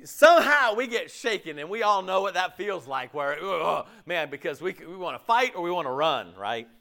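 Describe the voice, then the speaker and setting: A man's voice: high voice, lively intonation, moderate pace, pushed and bright. A pastor preaching a conversational sermon, acting out quoted voices as he goes.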